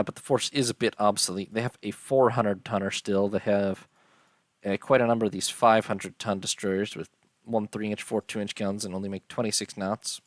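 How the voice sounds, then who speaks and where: A man giving casual, unhurried commentary on a strategy game, tired and yawning, filling pauses with ums and uhs. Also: fairly low pitch, no echo, studio quality. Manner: unhurried, listing details with many ums and uhs. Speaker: strategy game let's-player.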